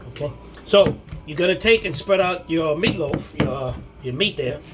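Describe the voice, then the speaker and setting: A man hosting a casual home cooking video, talking in a rambling, halting way with many restarts. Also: a little high, animated, over loud music. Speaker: cooking show host.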